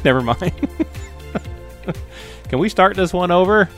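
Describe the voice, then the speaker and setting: A man's voice: high voice, lively intonation, slow, fairly bright tone, soft background music. A man co-hosting a podcast in casual chat, rambling and self-deprecating, laughing often. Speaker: podcast co-host.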